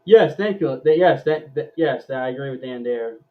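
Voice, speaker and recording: A man's voice: mid-range voice, expressive, moderate pace. A man hosting a casual live-stream sports chat, stumbling and repeating words as he goes. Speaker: host. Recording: dull lo-fi audio.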